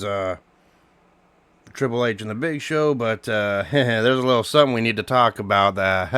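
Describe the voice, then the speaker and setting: A man co-hosting a casual review chat, animated and quick to laugh as he steers the talk. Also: lowish voice, no echo. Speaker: co-host reviewing wrestling.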